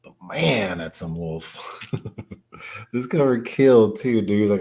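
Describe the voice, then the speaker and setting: A man chatting casually on a livestream as a comic collector, excitable, slangy and laughing often. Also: on the low side, a little slow.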